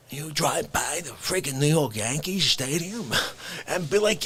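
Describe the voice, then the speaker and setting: A man hosting a live-stream comedy show, ranting to his chat in an excitable way that swings from shouting to hushed asides. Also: fairly high pitch, unhurried. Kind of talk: unscripted comic rant to live chat.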